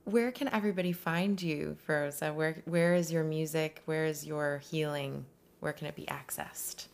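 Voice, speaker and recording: A woman co-hosting a podcast in relaxed, casual chat, who chuckles as she talks. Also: low-pitched, normal speed, creaky. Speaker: podcast co-host.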